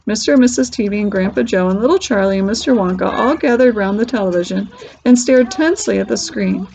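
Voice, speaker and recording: A woman's voice: mid-range voice, quick pace, vocal fry, a little mellow, a little hiss or hum. A woman reading a children's novel aloud, telling the story with animation. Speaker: reader. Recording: dull lo-fi recording.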